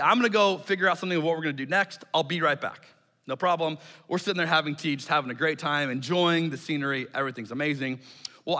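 A man preaching a sermon and telling a personal story in an animated way, often stammering and restarting his sentences. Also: on the high side. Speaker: pastor. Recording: reverberant hall sound.

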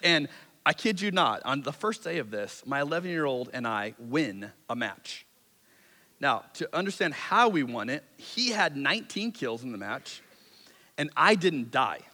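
A man in his thirties preaching a sermon as a pastor, telling stories in a relaxed, self-deprecating way and acting out quotes. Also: fairly high pitch. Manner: conversational, self-deprecating storytelling with quick acted-out quotes. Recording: long hall reverb.

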